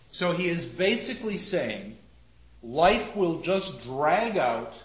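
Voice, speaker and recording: A man teaching literature to a class, reciting lines of verse and tapping out their rhythm as he asks questions. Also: a little high. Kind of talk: classroom lecture. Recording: roomy, dull lecture recording.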